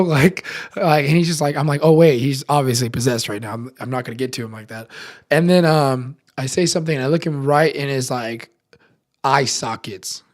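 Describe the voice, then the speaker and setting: A man's voice: mid-range voice, normal speed. Slangy young man telling a story. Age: young adult. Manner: animated, slangy, many fillers. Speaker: podcast contributor. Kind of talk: casual storytelling.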